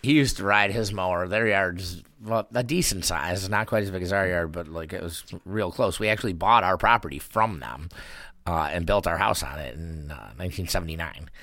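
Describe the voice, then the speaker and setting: A man's voice: sits low, a little fast, sharp tone, no echo. A middle-aged man chatting casually and telling stories, laughing often and acting out the voices of the people in them. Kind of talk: casual chat, storytelling.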